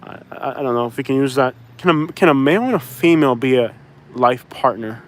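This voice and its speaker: A vlogger from Miami, Florida chats casually to camera, joking around and rambling from one thought to another while calling his viewers y'all. His voice is medium-pitched, animated and fairly quick.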